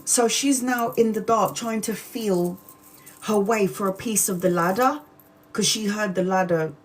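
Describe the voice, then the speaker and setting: A woman hosting a tarot live stream, retelling a story in an animated, chatty way and acting out the quoted speech. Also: mid-range voice, measured pace. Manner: chatty, addresses viewers mid-story.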